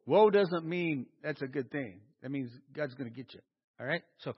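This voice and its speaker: A man's voice: on the high side, animated, normal speed, slightly rough. A man preaching a sermon to a congregation, emphatic and calling for responses. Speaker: pastor. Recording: dull sound in a long-reverb hall.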